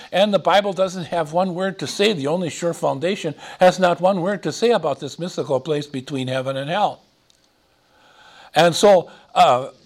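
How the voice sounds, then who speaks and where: A man preaching a sermon, animated and digressive, with dramatic emphasis. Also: sits high.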